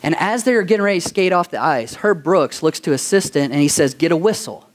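A pastor preaching a sermon, asking the congregation questions for call-and-response and telling stories with animation. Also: male voice, on the high side, fairly quick. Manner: animated storytelling.

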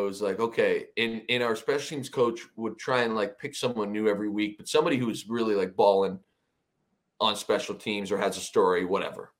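Casual male podcast host. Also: medium pitch. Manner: loose, with many fillers, leading into a guest's story. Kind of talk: casual chat.

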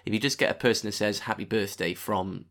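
A man's voice: on the low side, brisk, fairly bright tone. A man co-hosting a podcast in a playful, jokey chat. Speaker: podcast co-host. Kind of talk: casual chat.

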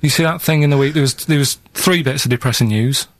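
A man's voice: medium pitch, fast talker, no echo. A man, rambling hesitantly through a story in casual radio banter in a studio. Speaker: radio show regular. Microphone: studio microphone.

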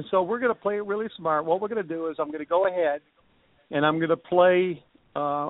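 A man hosts a casual call-in show, rambling along with plenty of fillers in a slightly high voice. The sound is dry and tinny, squeezed through a phone line. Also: dry recording. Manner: rambling, chatty, many fillers. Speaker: podcast host.

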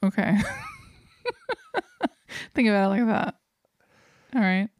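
A woman's voice: mid-range voice, fairly even intonation, takes it slowly, a little mellow, dry recording. A woman co-hosting a podcast in casual chat, playful and chatty, laughing often. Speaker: podcast co-host.

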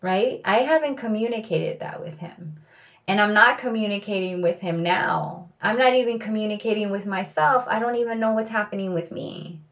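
A woman's voice: medium pitch, normal speed, fairly bright tone, highs cut off. A woman telling a personal story in a candid, reflective way, often saying "like" and "you know.".

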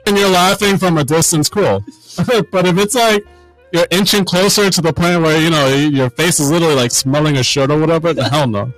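A man's voice: on the high side, a little fast, fairly bright tone, no echo, faint music behind, poor audio. A man in a casual group chat, speaking bluntly and swearing freely.

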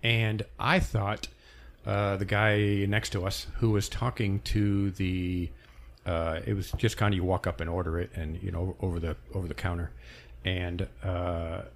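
A man co-hosting a podcast in casual chat, telling animated stories and imitating other people's voices. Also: deep voice, unhurried, slight background noise. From New England. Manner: animated storyteller, imitates voices, laughs often. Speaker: podcast co-host.

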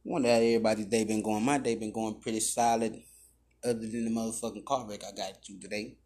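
A man's voice: on the low side, fairly even intonation, fast, darkish tone. A man hosting a podcast, talking in a loose, profane and rambling way. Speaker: podcast host. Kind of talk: casual podcast talk.

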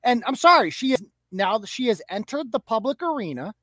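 A woman co-host ranting on a live talk show, scornful and crude, her pitch leaping up and down as she goes. The voice is dry and close, with no room sound behind it. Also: very animated, brisk, fairly bright tone, no echo. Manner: profane, mocking, scornful. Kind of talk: heated live-show commentary.

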